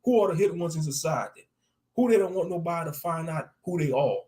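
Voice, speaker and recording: Man, fairly high voice, preachy, reads scripture and riffs on it, repeats lines for emphasis. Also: expressive, quick pace, darkish tone. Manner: casual slangy talk, repeats lines for emphasis. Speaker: online commentator. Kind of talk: live-streamed religious commentary.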